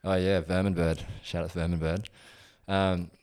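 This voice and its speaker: A young man who coaches strength training, chatting casually in an interview, relaxed and rambling with many fillers. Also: low voice, moderate pace, no room sound. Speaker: gym owner and strength coach.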